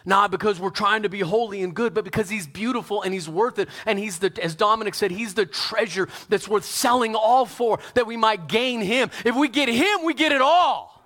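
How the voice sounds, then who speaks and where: A pastor preaching a sermon, talking straight to his congregation, swinging from loud fervent peaks to soft hushed lines. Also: high-pitched, fairly quick, hardly any pauses. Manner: talks straight to the congregation with questions.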